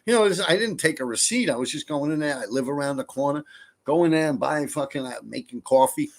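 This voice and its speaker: A man's voice: fairly high pitch, quick pace. A man, rambling casually and profanely as he chats with viewers on his stream. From New York. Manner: rambling, profane, laid-back. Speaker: streamer reading viewer comments. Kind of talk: casual live-stream chat.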